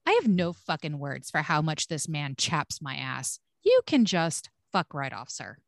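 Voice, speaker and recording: A woman's voice: deep voice, wildly swooping pitch, measured pace, creaky, dry recording, clean studio sound. A woman co-hosting a podcast, reading scripted episode recaps with blunt, swearing asides.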